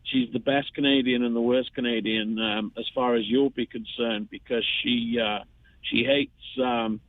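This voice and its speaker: A man's voice: mid-range voice, fairly even intonation, unhurried. A man in his fifties calling in to a radio show, rambling and chatty with lots of restarts and fillers. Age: 50s. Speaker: caller. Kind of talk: phone-in chat. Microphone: telephone. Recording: tinny phone line.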